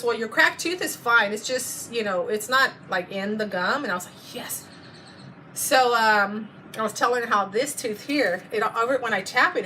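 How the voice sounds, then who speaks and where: A chatty woman with a drawl and a fairly high voice tells a long, meandering story, stopping to correct herself and laughing along the way. She sounds like she is some distance from the mic, and clear background noise runs underneath. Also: pushed and bright. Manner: rambling, self-correcting, laughs often. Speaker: vlogger. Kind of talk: casual chatty storytelling to viewers. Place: home kitchen. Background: kitchen sounds while cooking.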